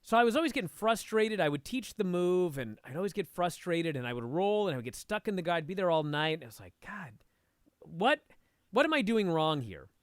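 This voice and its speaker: Lively high-voiced man telling a story. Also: brisk, no echo, clean studio sound. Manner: animated, swears freely, says "dude". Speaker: podcast guest, martial arts instructor. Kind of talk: casual storytelling chat.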